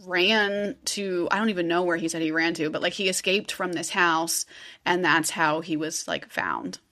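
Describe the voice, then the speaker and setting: A woman's voice: lowish voice, animated, moderate pace, pushed and bright. Woman, podcast host, casual storytelling, chatty, swears. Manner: chatty, swears, acts out quotes. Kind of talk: casual true-crime podcast chat.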